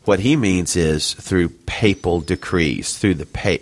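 Earnest lower-voiced man with halting restarts. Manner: earnest, halting, many restarts, reads quotes aloud. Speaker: podcast co-host. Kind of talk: casual discussion podcast.

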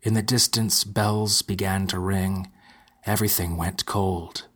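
A man narrating a dark fantasy story in a steady, measured way, with a husky voice. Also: deep voice. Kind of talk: scripted narration.

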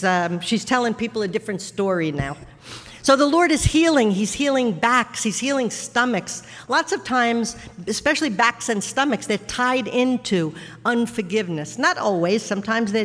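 A woman giving an animated testimony in a sermon style, telling stories with frequent laughter. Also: fairly high pitch. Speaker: guest speaker giving testimony. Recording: echoey hall with long reverb.

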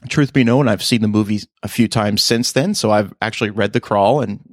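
A male podcast host chats casually and tells stories with lots of animation, speaking a little fast at a middle pitch that jumps sharply higher whenever he acts out other people's lines. The recording is dry and close, with no room sound or echo.

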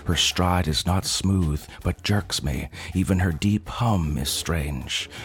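A man narrating a scripted story for a podcast in a hushed, intimate way. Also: low voice, slow. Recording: music playing behind.

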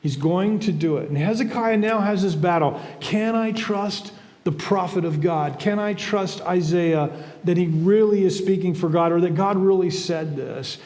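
A man's voice: high-pitched, normal speed, a little mellow. A man preaching a sermon in a conversational way, asking rhetorical questions and repeating words. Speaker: pastor. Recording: long hall reverb.

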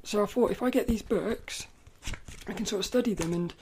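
There's slight background noise behind this woman's mid-range voice as she hosts her own laid-back podcast. She's chatty and playful, often restarting and correcting herself, and sometimes reads from a children's book, slowing down and getting louder for the quoted passages.

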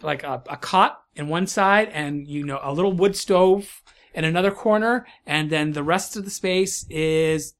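A man's voice: a little high, measured pace, a bit bright. A man as game master, describing a scene in a rambling way with many restarts. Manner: rambling, many fillers and restarts, laughs often. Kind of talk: narrating a tabletop game.

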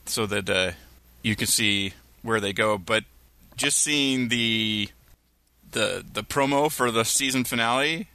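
A man's voice: fairly low pitch, slow pace, vocal fry, sharp tone, no room sound. A man co-hosting a TV podcast in casual chat, rambling with lots of fillers. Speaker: podcast co-host.

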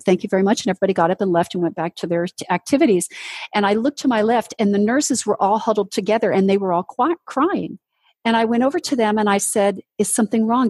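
Woman guest, husky tone, middle pitch, earnest storytelling testimony, dry close mic. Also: a little mellow, no room sound. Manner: earnest storytelling, acts out quoted dialogue. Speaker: ministry guest. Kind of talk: personal testimony in an interview.

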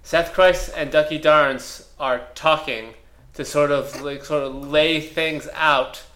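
A man co-hosting a comedy podcast, rambling and deadpan as he riffs on an imagined movie. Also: a little high, takes it slowly. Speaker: podcast co-host. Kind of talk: casual comedic chat.

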